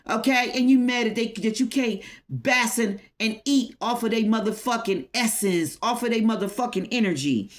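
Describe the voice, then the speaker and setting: A woman giving a tarot reading, talking straight at the listener in a blunt, profane, confrontational way and often asking "okay?". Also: high-pitched. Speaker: tarot reader.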